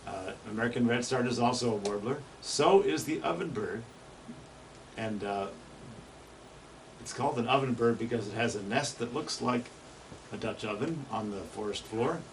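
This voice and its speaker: A man's voice: mid-range voice, normal speed, a little hiss or hum. A man giving an informal slide presentation on birds to an audience, chatting, asking them questions and imitating bird songs in words. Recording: distant mic with loud bird recordings playing.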